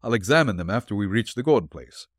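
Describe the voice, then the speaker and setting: A shrewd, courteous detective gives calm, firm orders, as a male narrator voices him. His low voice moves with lively rises and falls. The storybook reading is dry and close. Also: quick pace, husky, no echo.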